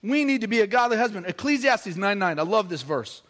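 A middle-aged man preaching a sermon, animated and joking with the congregation. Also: high voice, fairly quick. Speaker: pastor.

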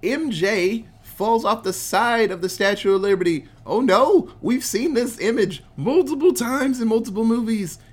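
A podcast co-host giving an excitable, profane, casual movie recap. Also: medium pitch, normal speed, few pauses. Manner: excitable, profane, laughing often.

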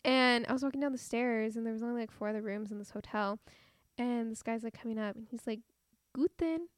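A young woman co-hosting a podcast, chatting casually, excitable and giggly with lots of "like.". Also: fairly high pitch, quick pace, dry recording, clean studio sound. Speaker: podcast co-host. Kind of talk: casual chat.

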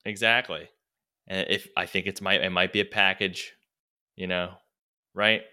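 A man co-hosting a casual chat, telling a profane anecdote with animated delivery and acted-out quotes. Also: deep voice, a little slow, clean tone. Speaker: podcast co-host.

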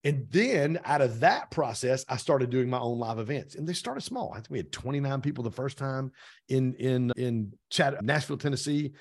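Husky and expressive at a medium pitch and normal speed, this podcast guest, who owns a real estate team, energetically recounts events in conversation. He acts out quoted dialogue as he goes, making it lively, animated storytelling.

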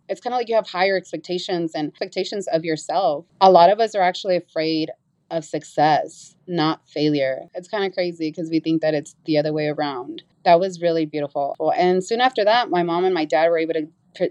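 A young woman telling a personal story in a casual, earnest way as an interview guest. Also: no echo. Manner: animated, acts out quoted voices with big pitch jumps; earnest, reflective.

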